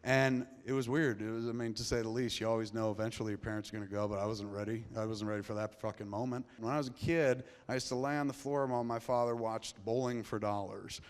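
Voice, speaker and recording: A middle-aged man telling a personal story live on stage, profane and rambling, his voice dropping to a hush and then rising loud. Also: fairly low pitch, steady tone, quick pace, hardly any pauses. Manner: profane, rambling, swings between hushed and loud. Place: large theater before a live audience. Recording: long reverb of a large hall.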